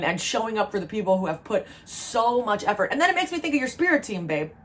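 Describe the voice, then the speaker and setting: Near tears and full of emotion, a medium-pitched woman from New Jersey reads tarot and delivers an emphatic, repetitive spiritual pep talk, addressing the listener as "baby" again and again.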